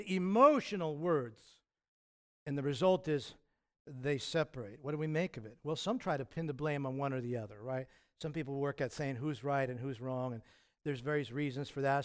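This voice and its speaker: A male pastor preaching with lively, emphatic bursts and casual asides. His voice sits a little high for a man, and he keeps a conversational tone between the peaks. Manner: animated preaching with sudden loud emphatic peaks and acted quotes; conversational, with fillers and restarts. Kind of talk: sermon.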